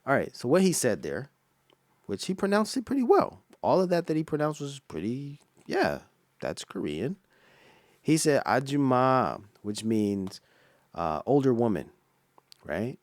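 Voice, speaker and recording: A man giving an explaining commentary on a clip, slow and patient, with many fillers and restarts. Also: medium pitch, sing-song, darkish tone, no room sound, clean studio sound. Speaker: reaction vlogger.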